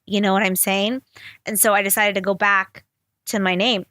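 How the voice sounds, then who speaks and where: A young woman talks through her feelings on a podcast, rambling, confessional and quick to swear. Her voice is bright and forward, recorded dry and close with no room around it. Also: mid-range voice, little pitch movement, no room sound. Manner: rambling, profane, emotional and confessional. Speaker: podcast host. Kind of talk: candid solo podcast talk.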